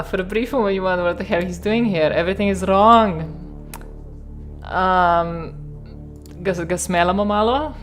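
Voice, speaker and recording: A woman's voice: lowish voice, moderate pace, long pauses, faint music behind. A woman with a Slovenian accent, reading game text aloud and adding wry, sarcastic asides as she streams.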